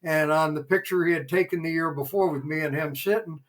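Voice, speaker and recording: A man's voice: on the high side, fairly even intonation, a little fast, poor audio. A man, a former theater promoter, telling rambling behind-the-scenes anecdotes as a podcast guest, full of fillers. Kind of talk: casual interview storytelling.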